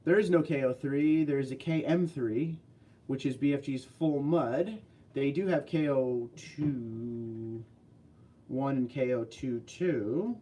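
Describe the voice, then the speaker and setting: Recorded from a distance, this California livestream host speaks slowly in a warm, medium-pitched voice. He chats loosely in a casual way, reading viewer comments and answering their questions as they come in.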